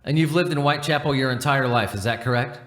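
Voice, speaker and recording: A man voicing a calm male doctor who asks plain, even questions in an interview, recorded in a roomy room. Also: medium pitch, fast, lightly acted. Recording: roomy echo.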